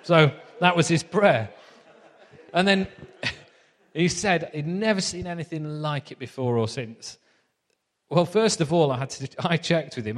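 Delivering a sermon, a man preaches in a chatty, anecdotal way, telling stories as he goes. His pitch is fairly high, his tone fairly bright, and his pace moderate. The sound carries the feel of a big room.

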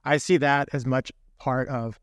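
A man being interviewed as an author, speaking in an earnest, measured way about political ideas. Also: mid-range voice, fairly even intonation, no room sound, studio quality. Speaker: guest author.

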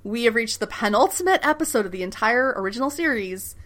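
A woman co-hosting a casual podcast, excitable and quick to laugh, swearing casually as she chats. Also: fairly high pitch, noisy background. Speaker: podcast co-host.

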